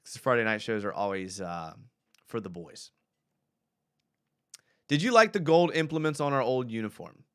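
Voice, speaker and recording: A man's voice: mid-range voice, moderate pace, pauses often, clear, resonant tone. A man hosting a fan live stream, casually reading viewer comments aloud and reacting with laughs. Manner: animated, laughing, reads chat aloud.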